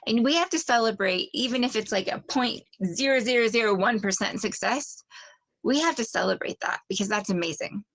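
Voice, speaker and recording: Gravelly hesitant woman in dry close sound. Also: on the high side, lively intonation, brisk, a bit bright, dry recording. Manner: hesitant, restarts often, reflective. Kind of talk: casual chat.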